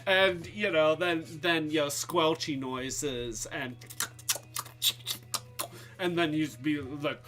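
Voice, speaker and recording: A man's voice: fairly high pitch, steady tone, slow pace, pauses often. A man hosting a casual live-stream toy review, rambling and joking, with lots of restarts and asides. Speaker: host.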